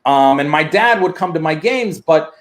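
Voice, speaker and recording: A man performing a stand-up comedy set online, telling animated stories and mimicking his immigrant father. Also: fairly high pitch, moderate pace. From United States. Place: virtual event, video call.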